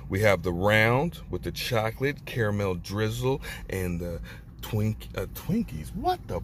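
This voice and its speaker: Excitable, lively snack-reviewing man. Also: lowish voice, a little slow, slight background noise. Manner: excitable, animated ranting. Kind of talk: casual snack review vlog.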